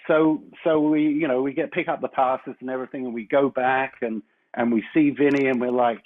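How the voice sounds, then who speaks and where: A man guest on a chat show, telling a long rambling anecdote in a casual, animated way. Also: mid-range voice, a little fast. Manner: rambling storyteller, animated when recounting. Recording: slightly muffled lo-fi audio with faint noise.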